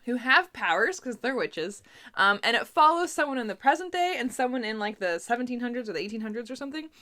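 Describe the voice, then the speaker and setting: The Canadian booktuber's voice is a little high, pushed and bright, with lively intonation and a quick pace. She laughs often and fills her casual book talk with small asides.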